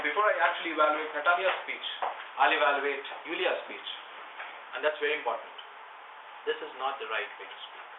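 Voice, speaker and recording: A man in his thirties teaching public speaking in a workshop, animated and coaxing, now and then raising his voice loud for stress. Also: medium pitch. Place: meeting room. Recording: echoey room from far off, phone-like, noisy.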